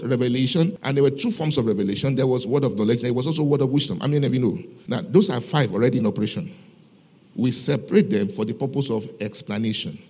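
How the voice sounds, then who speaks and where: A man preaching a sermon as a pastor, lively and laughing often as he mimics people. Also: medium pitch, slightly rough.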